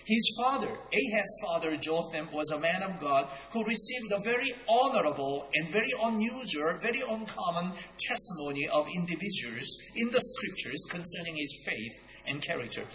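A man preaches a teaching sermon, his voice slightly high and bright. He works through each point slowly and deliberately, sometimes restarting a word. The sound carries the echo of a church sanctuary, with faint room noise behind. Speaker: pastor. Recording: echoey room.

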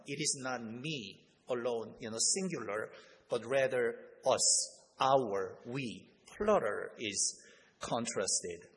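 A man with a husky voice gives an expository Bible teaching. He speaks slowly and deliberately and leans on key words. His voice rings with the long reverb of a large hall. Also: medium pitch, a bit bright. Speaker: preacher.

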